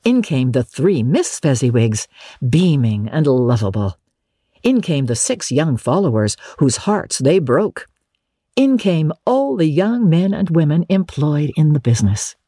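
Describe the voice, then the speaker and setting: An audiobook narrator giving a measured, expressive storybook reading in a dry studio booth. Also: mid-range voice, breathy edge, no room sound.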